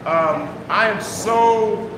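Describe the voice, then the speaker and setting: A high-voiced pastor preaches to a live congregation, drawing out his words. He sounds emphatic and affectionate and keeps repeating his key phrases, recorded in a roomy hall with background noise.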